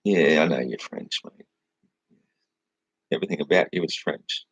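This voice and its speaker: Gravelly deep-voiced man, mocking. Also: moderate pace, no echo, highs cut off. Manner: mocking, dismissive, swears. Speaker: livestream host answering chat. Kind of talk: casual livestream chat.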